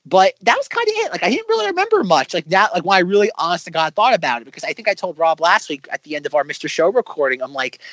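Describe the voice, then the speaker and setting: A man in his thirties talks in a bright, high register that leaps up and down as he rambles through casual podcast chat, piling on fillers as he goes. The sound is dry and a little dull, like close, lo-fi podcast audio. It stays loose and chatty throughout. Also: dry recording. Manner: animated, rambling with many "like" fillers. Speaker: podcast co-host.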